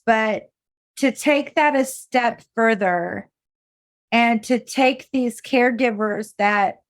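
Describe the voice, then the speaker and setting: Woman host, higher voice, talks slow and emotional, dry sound. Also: no room sound. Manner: warm-hearted, slow and emotional. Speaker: podcast host. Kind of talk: interview conversation.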